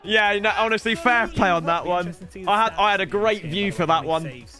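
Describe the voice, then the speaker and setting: A man giving excitable, swear-laden reaction commentary to his viewers. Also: high voice, normal speed, faint music behind. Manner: excitable, swears, keeps addressing viewers as lads. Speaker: gaming YouTuber reacting to match footage.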